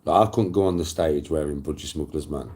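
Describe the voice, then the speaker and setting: A middle-aged Englishman with a very low, mellow voice, chatting casually. He rambles, swears freely and circles back over his own phrases. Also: fairly quick. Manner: rambling, profane, repeats himself. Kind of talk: casual storytelling chat.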